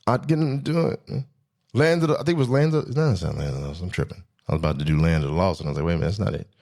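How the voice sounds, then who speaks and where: A man hosting his own show, telling stories in a slangy, animated way, swinging between excited high bits and low asides. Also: racing. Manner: slangy, swearing, self-correcting. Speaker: podcast host. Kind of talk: casual storytelling monologue.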